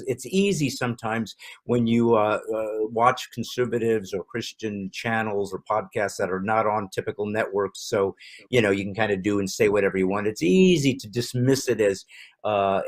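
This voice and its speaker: A man hosts a podcast in a fairly low voice. He talks casually and thoughtfully, pausing often with hesitant fillers. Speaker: podcast host, comedian.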